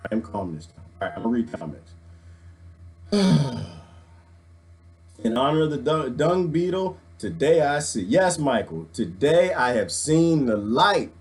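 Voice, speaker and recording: A man, ranting in an excitable, jokey, preachy way on a livestream, wired on coffee, swinging from loud to hushed. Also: mid-range voice, measured pace, long pauses, faint music behind. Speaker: vlogger reading live comments. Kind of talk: animated livestream rant.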